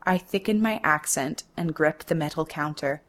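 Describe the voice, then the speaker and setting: A young woman narrating a first-person story in a measured, deliberate way. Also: sits low, a bit bright. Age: young adult.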